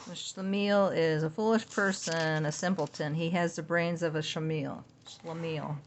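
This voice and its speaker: A woman's voice: low-pitched, slight background noise. A woman hosting a podcast, reading entries aloud from a book and adding casual side remarks of her own. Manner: reads entries, then adds chatty side remarks.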